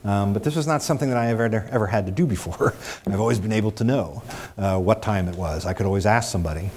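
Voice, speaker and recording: A man's voice: lowish voice, fast, a little mellow, husky. A middle-aged man telling a personal story in a public talk, with wry, self-deprecating humor. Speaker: speaker.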